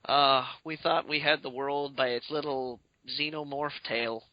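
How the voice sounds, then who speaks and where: A male podcast host who rambles through exaggerated comic riffs in a casual chat. His voice sits a little high. The recording is dry and muffled, like a lo-fi home setup. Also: steady tone, unhurried, dry recording.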